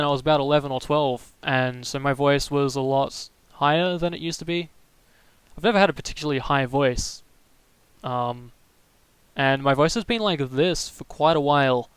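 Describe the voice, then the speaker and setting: Young guy from melbourne streaming, kinda higher voice, super dry close sound, rambly and keeps restarting. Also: smooth, no echo, rough recording. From Melbourne, Australia. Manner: rambling, halting, restarts sentences often. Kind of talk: casual chat on a live stream, answering chat.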